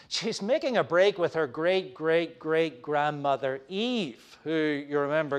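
Male pastor, sermon delivery, earnest and animated, slightly higher voice.

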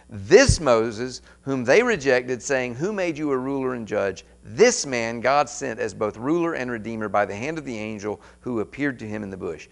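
Male preacher, gravelly mid-pitched voice, reads scripture then comments with emphasis; faint hum. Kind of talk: expository sermon.

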